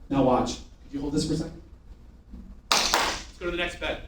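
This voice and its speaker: Guy with a high voice coaching a sales team, lots of call and response, big echo far from the mic. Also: normal speed, long pauses. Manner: energetic, rhetorical questions, call-and-response with the room. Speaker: sales trainer. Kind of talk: live sales training demonstration. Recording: echoey room from far off, faint noise.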